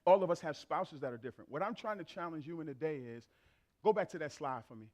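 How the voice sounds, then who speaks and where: A man's voice: fairly high pitch, lively intonation, fast talker, darkish tone. A middle-aged man preaching a sermon as pastor, telling comic family stories and acting out the dialogue. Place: church sanctuary.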